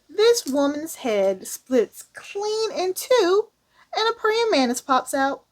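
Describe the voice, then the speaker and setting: Animated woman retelling a manga. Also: high-pitched, takes it slowly. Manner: animated, slangy, candid asides. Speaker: manga reviewer. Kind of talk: casual storytelling review.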